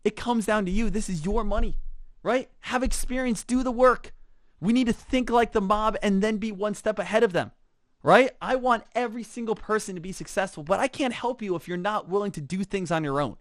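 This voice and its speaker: Here's an upbeat trading teacher, his pitch high and bright, leaning on "right?" as a rhetorical prod and repeating "again" often. He does snappy impressions of imagined learners, all captured dry and up close.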